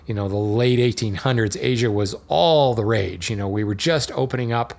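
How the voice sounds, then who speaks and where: A man's voice: medium pitch, moderate pace, gravelly, darkish tone. Chatty, rambling male podcast host. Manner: chatty and digressive, with fillers and small laughs. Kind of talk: casual educational monologue.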